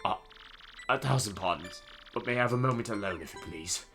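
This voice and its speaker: Man putting on an old sailor, put-on British accent, formal and stiff, bright, lively pitch. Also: brisk, soft background music. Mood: mournful. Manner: stiff, old-fashioned, solemn. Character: old male sea-faring bomb sailor, mournful and formal.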